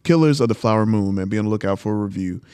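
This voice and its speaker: A man's voice: lowish voice, rapid-fire, warm tone, smooth. A man hosting a podcast, talking in a laid-back, casual way with lots of "yeah, man". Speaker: podcast host. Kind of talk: casual chat.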